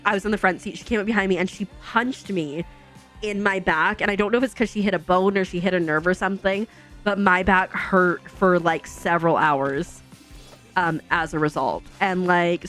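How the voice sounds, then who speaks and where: A woman's voice: medium pitch, fairly bright tone. A woman streamer telling a long family story in casual, chatty talk full of fillers.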